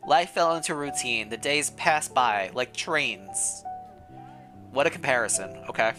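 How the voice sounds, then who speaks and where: A man's voice: medium pitch, animated, measured pace, over music. Playful man streamer reading a game. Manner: playful, laughs often, comments between read lines. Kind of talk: reading a story game aloud with commentary.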